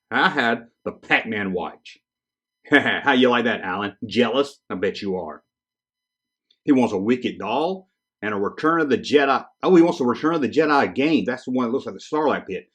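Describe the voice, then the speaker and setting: Animated joking man, husky voice. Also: mid-range voice, normal speed. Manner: joking, animated, teasing asides. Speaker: podcast host. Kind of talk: casual chat, reading kids' letters aloud.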